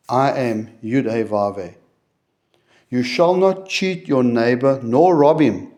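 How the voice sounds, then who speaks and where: A man reading a Bible chapter aloud verse by verse, slowing on key words and stopping to explain it in plain terms. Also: medium pitch, warm tone. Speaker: Bible teacher. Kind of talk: reading scripture aloud with commentary.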